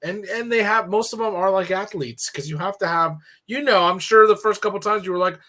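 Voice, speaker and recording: Male radio talk host, chatty, rambling questions, slightly high voice. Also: a little fast, sharp tone. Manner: conversational, asks long rambling questions. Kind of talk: radio interview.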